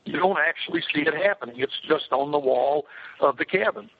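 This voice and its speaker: A man's voice: on the high side, brisk, gravelly, husky. Older man telling stories over a tinny line. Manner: rambling, many fillers and restarts. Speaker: film director interviewee. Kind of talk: casual anecdotal storytelling.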